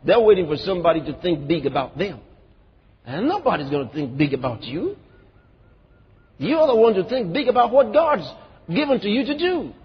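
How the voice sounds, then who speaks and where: A pastor in full sermon mode, his husky voice pitched high and ranging freely as he acts out other people's words. The sound is dull and lo-fi, with the long ring of a large hall behind him. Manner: emphatic preaching with rhetorical questions and quoted voices.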